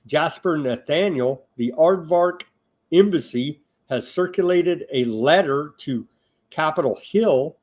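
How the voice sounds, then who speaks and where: A man hosting an online news show, reading reports aloud with halting asides, now and then rising into loud appeals to his listeners. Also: on the high side. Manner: slow, halting delivery with asides and restarts; grows loud and emphatic when addressing listeners.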